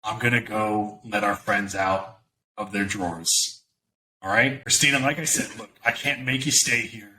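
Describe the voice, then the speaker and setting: A man voicing a gruff, hard-nosed male crew boss who talks bluntly and swears. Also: lowish voice, moderate pace, pushed and bright, a little hiss or hum, low-quality recording. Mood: firm. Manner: blunt, profane.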